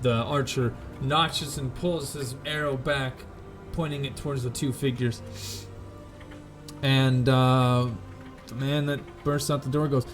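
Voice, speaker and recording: A man runs a tabletop game, narrating each scene in unhurried, deliberate detail at a middle pitch. He pauses often and corrects himself as he goes, with faint music playing behind him. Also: fairly even intonation. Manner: slow, descriptive, with fillers and self-corrections. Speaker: game master.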